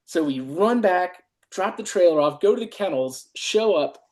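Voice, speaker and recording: A man's voice: sits high, animated, moderate pace, darkish tone. A middle-aged man, a retired army dog handler, telling stories on a podcast, swearing freely and laughing often. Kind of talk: casual storytelling chat.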